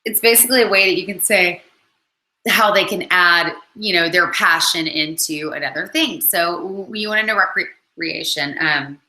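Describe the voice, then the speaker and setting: Chatty woman coach, bright voice. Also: fairly low pitch, normal speed, roomy sound, rough recording. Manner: chatty, many fillers like "um" and "like". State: has the hiccups. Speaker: network marketing coach. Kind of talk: casual video talk to followers.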